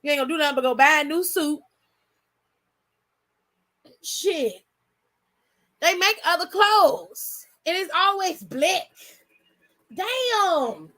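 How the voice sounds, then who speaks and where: A woman hosting her own channel, chatting loudly and bluntly with her chat and swearing freely. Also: extremely high pitch, expressive, takes it slowly, long pauses. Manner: loud, blunt, profane, reads chat aloud. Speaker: channel host. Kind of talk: casual livestream chat.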